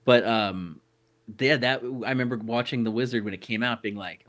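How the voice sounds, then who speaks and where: A podcast co-host chats casually, rambling with lots of restarts and fillers. His medium-pitched voice has a fairly bright tone and moves at a normal speed.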